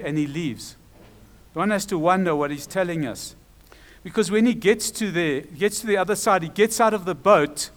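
A man preaching a sermon who grows loud and slow on quoted scripture and drops soft when explaining. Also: a little high.

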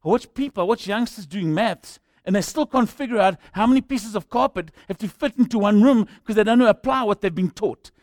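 A man preaching with a lively, rhetorical delivery and a fairly high voice. He works humorous asides into the sermon. The sound is close and dry. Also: fairly quick, hardly any pauses, no echo. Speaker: pastor.

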